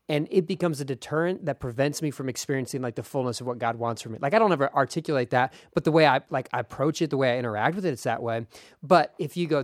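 A man hosting an interview, animated and self-deprecating, laughing easily as he reacts to his guest. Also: medium pitch, quick pace, no room sound, clean studio sound. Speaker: podcast host. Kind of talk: casual interview chat.

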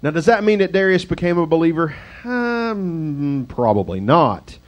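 A man's voice: a little high, big pitch swings, a little slow. A male pastor giving a casual, conversational sermon with rambling, self-deprecating asides.

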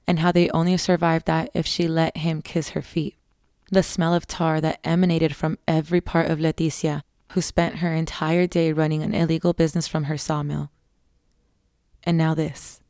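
A woman narrates a dark scripted story in a measured, somber way. Her voice is low and gravelly, mellow in tone, recorded close and dry. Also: dry recording.

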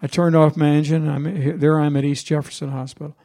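A male pastor delivers a sermon in a conversational storytelling style, often turning to the congregation with questions. His voice is gravelly and sits slightly high for a man. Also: little pitch movement, a little fast, warm tone.

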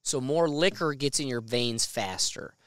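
Man, podcast host, rambling casual chat, smooth voice. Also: mid-range voice, measured pace, fairly bright tone, no room sound. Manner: rambling, explains at length, laughs often. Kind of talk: casual chat over beers.

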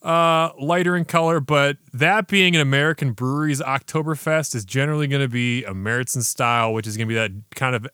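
A man's voice: mid-range voice, steady tone, a little fast, few pauses, sharp tone, clean tone, dry recording, clean studio sound. A man hosting a podcast, chatting casually and enthusiastically through a beer review with slangy banter. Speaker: podcast host.

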